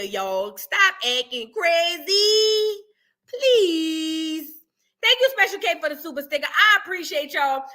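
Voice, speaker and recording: High-voiced, brash woman vlogger. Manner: brash, profane, animated banter. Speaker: YouTube reaction host. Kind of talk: casual chat to viewers.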